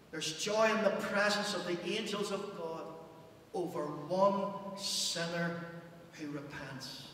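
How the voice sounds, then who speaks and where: Male preacher, fervent sermon that swells and drops, high voice, recorded from afar in a reverberant church hall. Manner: impassioned preaching, rising and dropping to near hush. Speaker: pastor. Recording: echoey church hall, distant mic, faint hum.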